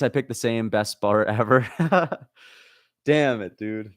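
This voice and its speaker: A man's voice: fairly even intonation, takes it slowly, smooth, no echo, clean studio sound. Frustrated, swearing man on a livestream. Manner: frustrated, swears a lot, swings between loud outbursts and low muttering. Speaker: livestream host reacting to fights. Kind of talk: casual livestream chat, reading comments.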